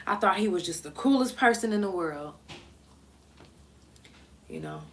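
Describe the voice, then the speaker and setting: A woman's voice: medium pitch, huge pitch swings, a little slow, a little hiss or hum. A woman podcast host telling a personal story in a candid, blunt, emotional way.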